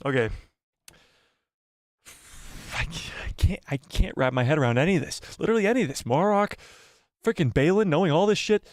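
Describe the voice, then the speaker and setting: A man's voice: a little high, expressive, brisk, pauses often, dry recording. Stammering, disbelieving man live-streaming. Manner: stunned, stammering, repeating "what?" in disbelief; swings between yelps and muttering. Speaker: live watch-party host. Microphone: headphones and desk mic.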